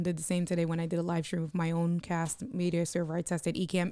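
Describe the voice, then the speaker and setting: A woman live streamer giving a casual tutorial on streaming software, chatting as she clicks and greeting viewers by name. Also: on the low side, completely flat delivery, fairly quick, hardly any pauses, smooth, no room sound.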